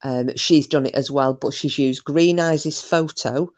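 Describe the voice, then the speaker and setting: Woman on a livestream, low voice, blunt and sweary, chatting and reading out comments. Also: a little slow, darkish tone. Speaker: livestream host. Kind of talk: casual chat reading out live comments.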